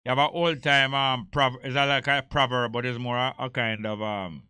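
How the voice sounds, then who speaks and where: A man's voice: mid-range voice, fairly even intonation, normal speed, bright, forceful tone, clean tone, no room sound. A man with a Jamaican accent hosting a talk radio show, telling stories and slipping between patois and English. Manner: storytelling, mixing patois and English. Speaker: radio host. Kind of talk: casual talk radio discussion.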